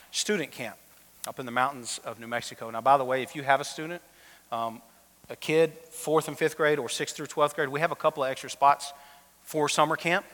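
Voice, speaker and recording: A man preaching a sermon as a pastor, telling stories in a conversational way and sometimes dropping his voice low and soft. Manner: conversational storytelling preaching, drops to a soft quiet voice in emotional moments. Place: church auditorium. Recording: long reverb of a church hall.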